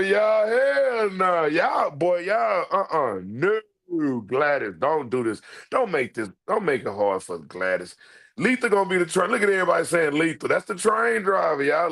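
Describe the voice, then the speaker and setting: A man hosting a livestream, his voice sitting high and jumping all over the place. He talks straight to his viewers, loud and emphatic, repeating his points and cursing freely. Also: sing-song, measured pace. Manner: loud, emphatic, repetitive, profane banter to viewers. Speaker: livestream host. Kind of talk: animated livestream commentary.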